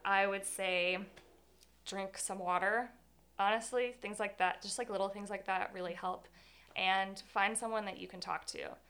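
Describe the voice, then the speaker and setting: Young woman, bit of vocal fry, rambly and candid, interview guest telling her story. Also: mid-range voice, fairly even intonation, moderate pace, fairly bright tone.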